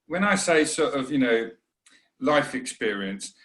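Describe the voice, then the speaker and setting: As an interview guest in a reflective conversation, a middle-aged man talks earnestly but haltingly, restarting often and imitating other voices. He has a medium-pitched, fairly bright voice with lively intonation, and the room echoes noticeably.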